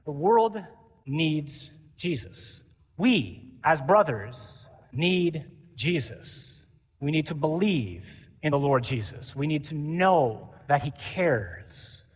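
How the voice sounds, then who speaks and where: A man preaching as a priest to a conference, lively and animated, mimicking voices for effect. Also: on the high side, slow, husky. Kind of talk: conference sermon. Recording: hall reverb.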